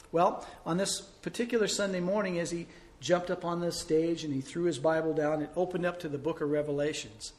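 A man preaching a sermon as a pastor, telling a story with big swings between loud emphasis and soft, slow pauses. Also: fairly high pitch.

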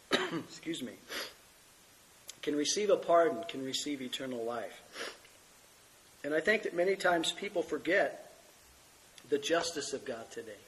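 Male pastor, middle-aged, earnest sermon reader, a bit high-pitched, has a cold. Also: a bit bright, a little hiss or hum, rough recording. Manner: earnest, reads scripture aloud. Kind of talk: sermon teaching.

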